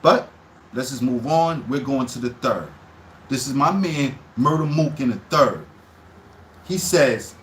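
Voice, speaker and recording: A man breaking down a battle rap on a casual live stream, quoting lines in a raised, animated voice and talking in loose slang. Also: medium pitch, unhurried, a little hiss or hum.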